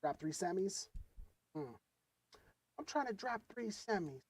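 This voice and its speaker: A man's voice: high-pitched, lively intonation, measured pace, husky, dry recording. A man chatting loosely and profanely while producing music on a studio mic. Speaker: music producer streaming a session. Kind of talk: casual chat while producing. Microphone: dynamic studio mic.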